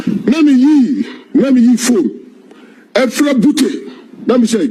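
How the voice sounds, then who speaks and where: A Ghanaian man with a Ghanaian accent and a husky voice, telling political stories animatedly and acting out phone calls. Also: extremely high pitch, very animated, slow, warm tone. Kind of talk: animated storytelling commentary.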